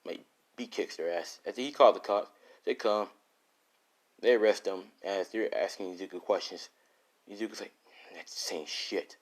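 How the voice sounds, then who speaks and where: A man's voice: on the low side, normal speed, pauses often. A man casually improvising a fan story, rambling and crude, with many fillers and restarts.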